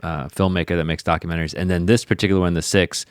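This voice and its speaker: Man, very deep voice, podcast host, halting questions, dry sound. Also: steady tone, clear, resonant tone, no echo. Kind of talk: casual podcast conversation.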